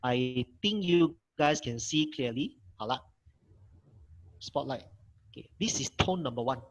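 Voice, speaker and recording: A man's voice: medium pitch, lively intonation, unhurried, low-quality recording. A middle-aged man with a Malaysian English accent, teaching a Mandarin workshop over a video call, patient and repeating his points. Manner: patient, repeats himself, models tones. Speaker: Mandarin lecturer. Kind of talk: online language workshop teaching.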